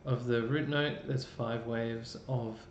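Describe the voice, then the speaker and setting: A man's voice: fairly even intonation, takes it slowly. Chatty Australian man explaining music. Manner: chatty, explains with fillers and restarts. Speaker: music presenter. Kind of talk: casual live-stream explainer. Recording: roomy dull live-stream audio with faint rumble.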